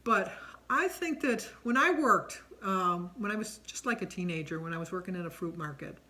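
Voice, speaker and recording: A woman's voice: on the low side, animated, normal speed, bright, forceful tone. A middle-aged woman chatting casually on camera while answering a tag questionnaire, rambling with lots of ums. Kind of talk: casual chat.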